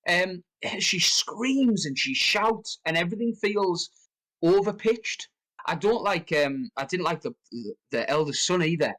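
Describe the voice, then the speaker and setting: A man with a fairly high voice talks through a casual film chat. He rambles, restarts often and his pitch leaps up when he gets heated. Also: animated, measured pace, a bit bright, poor audio. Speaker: podcast co-host.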